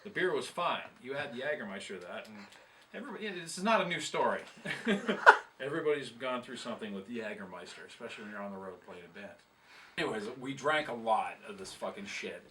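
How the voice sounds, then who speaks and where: A man's voice: fairly low pitch, expressive, a little fast, a bit bright, recorded from a distance, a little hiss or hum. A man telling a long, rambling, profane tour story in casual chat, laughing at himself as he goes. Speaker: guest musician telling tour stories.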